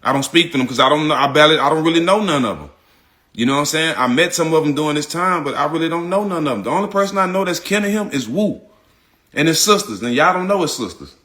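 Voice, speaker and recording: Forceful, emphatic man talking straight. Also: fairly high pitch, lively intonation, fast talker. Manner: emphatic, repetitive, slangy. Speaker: public figure speaking out. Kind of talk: casual direct-to-audience talk.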